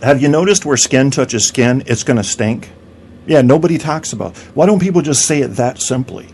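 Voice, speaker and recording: A man's voice: mid-range voice, lively intonation, moderate pace, darkish tone, slight background noise. Profane rambling male podcast host. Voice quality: rambling, profane, stammering restarts. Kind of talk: crude comedic rant.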